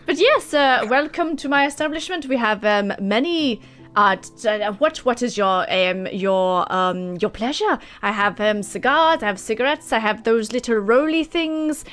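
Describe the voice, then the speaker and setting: A woman voicing a flamboyant male tiefling shopkeeper who is fussy and chatty, with a high, fluttery, hesitant delivery. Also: animated, normal speed, a bit bright.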